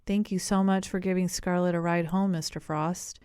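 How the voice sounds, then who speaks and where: Cast: female narrator doing a guarded middle-aged mom, clipped and curt, dark smooth voice. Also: deep voice, fairly even intonation, moderate pace, no room sound, studio quality.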